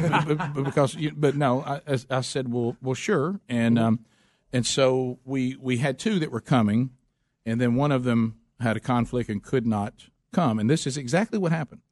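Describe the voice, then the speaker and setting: A man's voice: mid-range voice, moderate pace, dry recording, clean studio sound. A man with a Southern US accent hosting a casual chat, telling stories in a rambling, folksy way and laughing often. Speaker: host.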